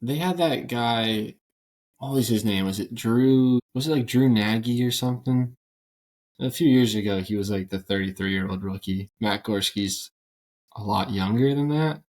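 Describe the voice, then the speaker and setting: A man talking baseball as a guest on a casual podcast, telling stories with a laugh. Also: on the low side. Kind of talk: casual sports chat.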